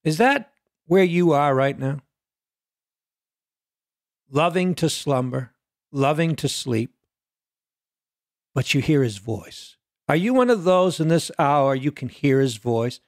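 A man preaching a sermon with slow, deliberate delivery and a lively, swooping pitch. His voice sits a little high and the sound is close and dry. He keeps asking his listeners questions and shifts from loud peaks to hushed low lines. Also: no echo. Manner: dramatic swings between loud peaks and low quiet lines.

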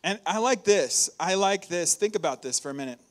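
In a church hall, a male pastor with a high-pitched voice gives a brisk, lively sermon, upbeat and animated. He laughs often between points and leans in toward the congregation.

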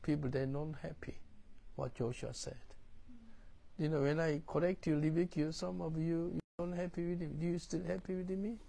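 A man's voice: on the high side, flat delivery, normal speed, vocal fry, dark tone. A male pastor teaching from the Bible in broken English, often checking "do you understand?". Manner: non-native English, broken grammar, frequent "do you understand?".

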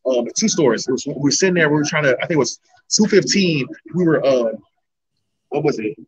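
Young male fighter guest, quick animated storyteller, slightly high voice. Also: breathy edge, rough recording. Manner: animated storyteller, acts out his coaches' lines. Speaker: MMA heavyweight fighter, guest. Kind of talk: casual storytelling interview.

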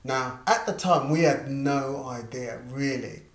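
In an interview, a middle-aged musician and artist manager tells a casual anecdote in a mid-range voice at a measured pace. He is animated and acts out the voices of the people in the story. The recording has a roomy echo and faint background noise.

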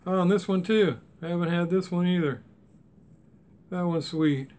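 A chatty man with a voice that sits a bit high for a man. He talks in a loose, folksy way, rambling from one thought to the next. The tone is casual and homespun. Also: normal speed, a little mellow. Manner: chatty, folksy and rambling, with Southern-style grammar. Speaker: die-cast car hobby vlogger. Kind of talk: casual rambling unboxing chat.

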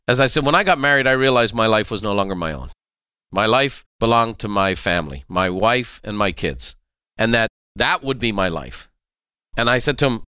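Bright, crisp man hosting an interview. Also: mid-range voice, no room sound, studio quality. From Ireland. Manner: animated anecdotes with laughs and acted-out quotes. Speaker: podcast host. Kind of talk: conversational interview storytelling.

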